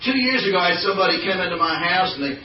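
A man giving a folksy, animated church talk full of anecdotes, calling on the congregation for responses. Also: sits high, rapid-fire, slight background noise. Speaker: church speaker. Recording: echoey hall from far off, dull sound.

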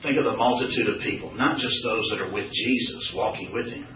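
A man's voice: fairly low pitch, brisk. A man teaching a Bible study, asking the group questions and joking as he goes. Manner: animated, asks the group questions, jokes. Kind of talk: informal sermon to a small group. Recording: roomy distant dull recording.

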